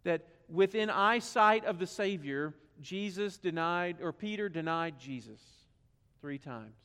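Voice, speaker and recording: A man's voice: high-pitched, expressive, unhurried, clear, resonant tone. Southern man preaching in a big hall. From South Carolina. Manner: swings from hushed to loud and emphatic, rhetorical questions. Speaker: pastor. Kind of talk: sermon.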